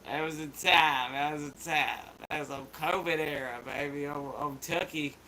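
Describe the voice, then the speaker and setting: Appalachian dude rambling loose and slangy, voice sits a bit high. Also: male voice, steady tone, normal speed, sharp tone, slight background noise, low-quality recording. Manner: laid-back, rambling, slangy. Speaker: host. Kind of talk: casual chat vlog.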